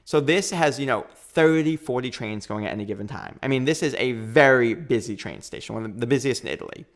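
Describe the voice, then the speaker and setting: A man in his thirties, guesting on a podcast, tells a long story in a casual interview. His mid-range voice moves quickly and with animation as he acts out what people said.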